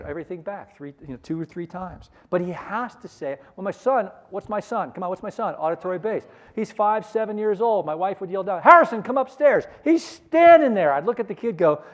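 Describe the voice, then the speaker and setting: A middle-aged man leading a sales seminar, energetic and coaxing the audience to repeat phrases after him. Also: high voice, fast talker, few pauses. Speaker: sales trainer. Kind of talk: conference seminar talk.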